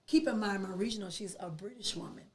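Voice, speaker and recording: A woman, a podcast guest telling a personal story in an animated, emphatic way. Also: mid-range voice, fast. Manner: animated, emphatic, acts out quoted dialogue.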